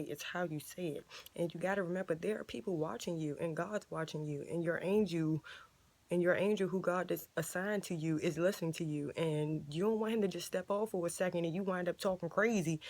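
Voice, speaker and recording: Young woman preaching to camera, chatty and emphatic, lowish voice, repeats herself for stress. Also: darkish tone. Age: 20s. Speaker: ministry video host.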